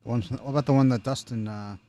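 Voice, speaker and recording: Fast-talking teasing co-host, male. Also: medium pitch, steady tone, mellow. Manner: quick teasing quips. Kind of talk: casual live-stream banter.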